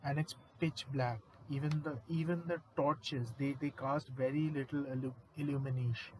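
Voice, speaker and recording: A man casually retelling a horror story, animated and conversational, swearing now and then. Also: medium pitch, normal speed, slight background noise, rough recording.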